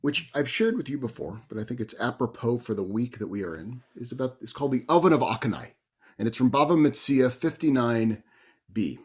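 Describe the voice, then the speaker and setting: A man who is a rabbi, telling stories in a conversational, animated sermon. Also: medium pitch, brisk, breathy edge. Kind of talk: sermon storytelling.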